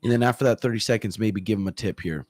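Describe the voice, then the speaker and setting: A man who works as a fight coach, chatting casually on a livestream and answering viewer comments in a relaxed, profane way, often clearing his throat. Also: lowish voice, quick pace, dry recording. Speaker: MMA coach. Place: room at home.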